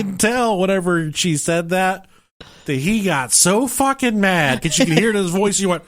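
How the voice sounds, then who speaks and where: A man's voice: high voice, moderate pace. A man co-hosting a podcast, telling a long, profane story in casual talk and acting out the people in it. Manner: animated, profane, acts out quotes with shouts and laughter. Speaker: podcast co-host.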